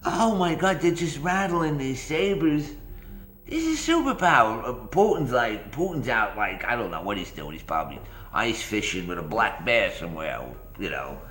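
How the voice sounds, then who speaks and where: A man's voice: mid-range voice, big pitch swings, moderate pace, a bit bright, echoey room, soft background music. A man hosting a morning rant vlog, rambling and sarcastic, often repeating his phrases. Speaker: vlog host.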